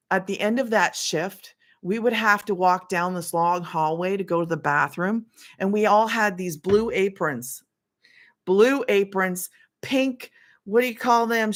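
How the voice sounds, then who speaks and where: A middle-aged woman hosting a casual livestream from her home, talking in a chatty, emphatic way and often repeating herself for emphasis. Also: mid-range voice. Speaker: livestream host. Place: home, children in nearby room.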